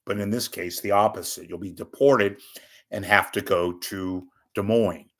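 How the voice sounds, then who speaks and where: An older man ranting at home in a rambling, profane, wisecracking monologue, swinging between loud bursts and muttered asides. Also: on the low side, fairly even intonation, measured pace. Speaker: media commentator. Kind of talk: off-the-cuff monologue.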